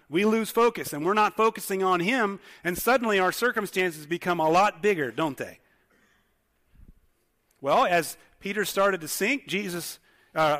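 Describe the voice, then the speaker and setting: A man's voice: high-pitched, a bit bright. Guy pastor giving a sermon, asks the room lots of questions, big echoey hall. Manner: conversational, asks the congregation many questions. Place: church hall with congregation. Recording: long hall reverb.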